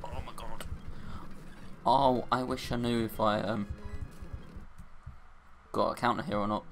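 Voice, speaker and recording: Young man, casual gameplay commentary, slow easygoing talk, yelps high when upset, faint music underneath. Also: vocal fry. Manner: excitable, cries out in high-pitched dismay at setbacks. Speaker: let's play gamer.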